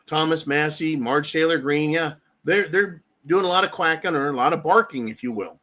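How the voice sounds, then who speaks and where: An American man hosts a live talk stream, with a voice pitched a little above the usual male range. He talks bluntly, swears freely and keeps checking in with "right?". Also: normal speed, sharp tone. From United States. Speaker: livestream host. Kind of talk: casual political commentary.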